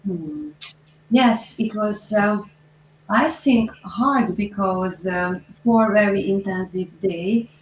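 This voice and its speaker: A woman actress with a Hungarian accent, answering interview questions in halting, hesitant English full of fillers. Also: medium pitch, slight background noise. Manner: slow, hesitant, halting non-native English with many fillers. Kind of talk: festival interview. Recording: echoey room.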